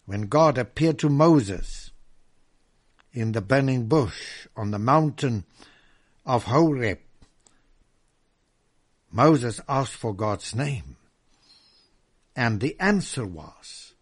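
A man delivers a sermon in a husky voice, taking his time over each phrase. His pitch swings widely as he moves from ringing declarations to near-whispers. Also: animated. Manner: slow, emphatic, swings from loud proclaiming to hushed whispers. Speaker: preacher.

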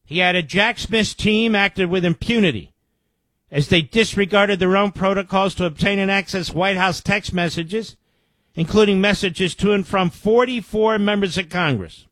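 A man's voice: high voice, moderate pace, a bit bright, no echo. A man hosting a political talk show, reading news quotes aloud and breaking in with indignant, sarcastic remarks. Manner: indignant, sarcastic asides between quoted reports. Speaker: radio show host.

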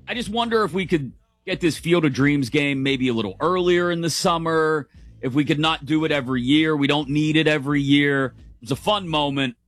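A man's voice: on the high side, a bit bright, no echo. A middle-aged man hosting a morning sports talk show, chatty and opinionated, laughing as he goes, on a close studio mic. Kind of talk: casual sports radio commentary.

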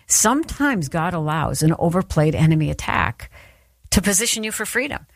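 A woman's voice: lowish voice, very animated, no room sound, studio quality. Earnest woman giving a devotional talk. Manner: earnest, encouraging, pastoral, with soft emphatic pauses. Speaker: Christian speaker.

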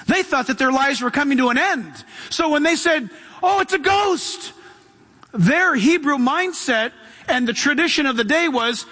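A man's voice: extremely high pitch, expressive, moderate pace, bright, forceful tone. A man preaching a sermon as pastor, reading scripture aloud and calling out to the congregation. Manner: reads scripture then preaches with call-outs to the congregation. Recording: long hall reverb.

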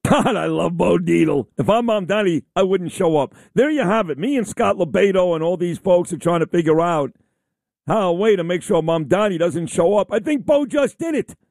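A man's voice: sits high, animated, normal speed, creaky, darkish tone, dry recording. Male radio host, dry close-mic sound, upbeat studio commentary. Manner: enthusiastic, admiring. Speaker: radio talk show host.

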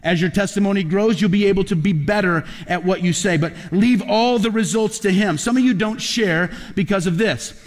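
A pastor with a high voice preaches a sermon at normal speed, hardly pausing. He's an animated storyteller who builds to emphatic peaks, and the recording carries a long hall reverb.

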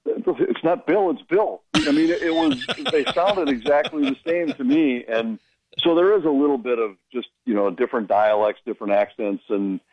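A man who works as a hockey broadcaster, telling stories in casual radio chat with an animated, amused manner. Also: medium pitch, normal speed, slightly rough, dry recording, poor audio.

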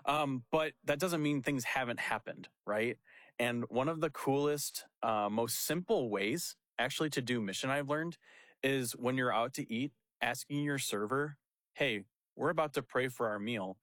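A young pastor tells a story in a loose, chatty way. He jumps into the other people's lines and laughs as he goes. His voice sits at a middle pitch and sounds dry and close to the mic. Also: moderate pace, dry recording. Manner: animated, laughing storyteller who acts out quotes. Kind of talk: casual storytelling chat.

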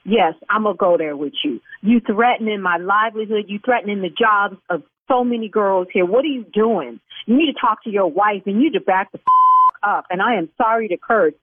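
A woman's voice: mid-range voice, a little fast, no echo. A woman running a salon, talking in on a phone call. She turns sassy and scolding and snaps back hard. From Chicago South Side. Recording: dry tinny phone line.

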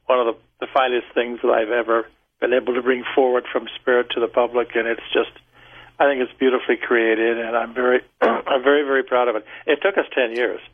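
A man in his seventies, a guest medium, talking and telling stories in a radio interview with a gentle laugh. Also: mid-range voice, fairly even intonation, fairly quick, husky. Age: 70s. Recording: tinny phone line.

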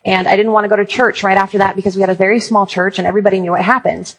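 Speaking rapid-fire in a mid-range voice, a Christian speaker addresses parents at a conference. The recording is rough, and her delivery is lively, full of humorous stories.

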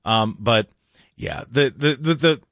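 A man's voice: mid-range voice, slow, a bit bright, no room sound, clean studio sound. A man hosting a morning talk radio show, chatty and laughing often, now and then mimicking other voices.

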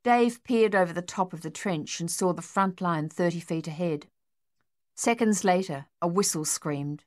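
A woman with a lowish voice narrates an audiobook in a steady, measured way. The sound is close and completely dry, as in a treated studio booth. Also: no echo.

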